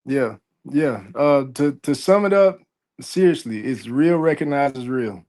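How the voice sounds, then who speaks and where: A man's voice: mid-range voice, animated, unhurried, a little mellow. A man, a professional football player, speaking as an interview guest in casual chat, confident and self-assured.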